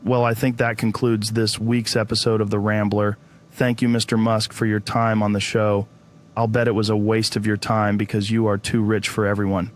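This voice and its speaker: A man's voice: fairly low pitch, little pitch movement, moderate pace, slight background noise. A man hosting a comedic interview sketch, sarcastic and profane with a mock-serious delivery. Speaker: host.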